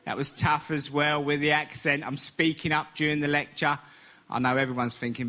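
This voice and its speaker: A man's voice: a little high, flat delivery, normal speed, sharp tone. A man with a Cockney accent performing a stand-up comedy routine, telling stories with cheeky, boastful self-mockery. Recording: very noisy television broadcast recording.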